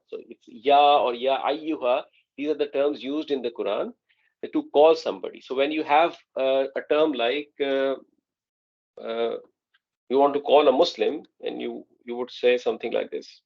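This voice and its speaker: A man's voice: medium pitch, moderate pace, gravelly, darkish tone, lo-fi sound. A man teaching an Arabic grammar class online, explaining patiently and often checking that students follow.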